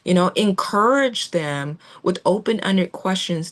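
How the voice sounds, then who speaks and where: A woman giving a gentle, reassuring training talk to veterinary staff, with fillers and restarts. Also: fairly low pitch, slow. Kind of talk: instructional talk on client communication.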